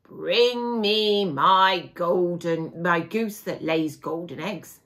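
A woman voicing a greedy, bossy giant in a fairy tale, who gives orders slowly and loudly. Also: on the low side. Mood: commanding.

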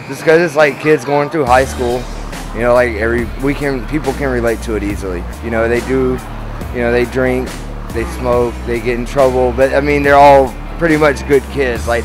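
Man, relaxed interviewee, mid-pitched, music underneath. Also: poor audio.

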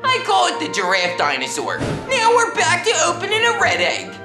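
A woman voicing an excitable young schoolboy who reviews toys, shouting, giggling and yelling karate cries. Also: extremely high pitch, normal speed, exaggerated voice. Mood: excited. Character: hyper young schoolboy toy reviewer with brothers. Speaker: toy reviewer. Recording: roomy echo with music behind.

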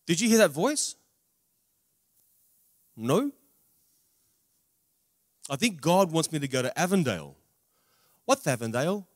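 Male preacher with a fairly high voice, dramatic emphasis and wry humor. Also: very animated, no room sound, studio quality. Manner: dramatic swings in loudness, drawn-out emphatic words; humorous asides. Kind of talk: testimony sermon. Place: large camp meeting venue.

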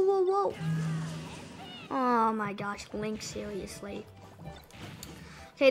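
A high-pitched woman chatters through casual let's-play commentary. She is excitable and rambling, restarting her sentences and exclaiming often. Game music plays faintly under her voice. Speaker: gameplay commentator.

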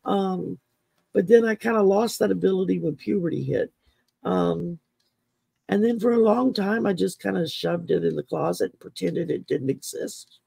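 A middle-aged Texan woman hosts a podcast interview, her lowish voice gravelly, warm and a little breathy, with no echo. She tells personal stories in a chatty, casual way and often laughs as she talks.

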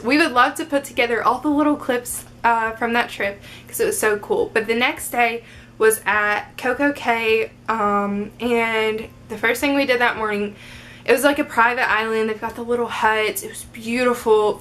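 Slight hiss or hum sits under this young adult woman's fairly bright, somewhat high voice. Making a get-to-know-me Q&A video as a vlogger, she chats upbeat and casually, leaning on "um" and "like."

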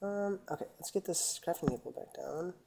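A woman's voice: lowish voice, moderate pace, vocal fry, mellow, husky. A woman giving casual, rambling gameplay commentary and chatting with her viewers as she plays. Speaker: gaming channel host.

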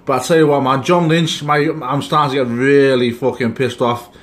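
A man's voice: medium pitch, normal speed. A man ranting angrily about his football team in a reaction video, swearing and rambling as he vents his frustration. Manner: angry, swearing, rambling rant. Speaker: sports fan vlogger.

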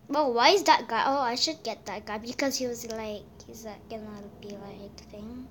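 A woman giving casual gameplay commentary, taunting other players and swinging between loud yelps and murmured asides. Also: a little high, moderate pace.

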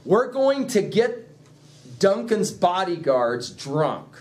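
A middle-aged man giving an emphatic classroom lecture on a play, animated and quick to chuckle as he explains. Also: high voice. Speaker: literature teacher.

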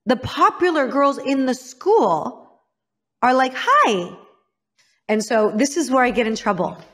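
A woman's voice: high voice, lively intonation, measured pace, fairly bright tone. A woman from Illinois, a guest in an interview, telling a frank personal story and often calling herself out. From Illinois, United States. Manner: frank, self-critical, acts out others' lines.

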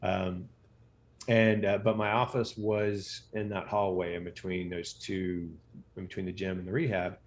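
A man's voice: low voice, level tone, a little slow. A middle-aged American man, a physician guest in an interview, telling stories casually with lots of fillers and restarts. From United States. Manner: rambling, many fillers and restarts.

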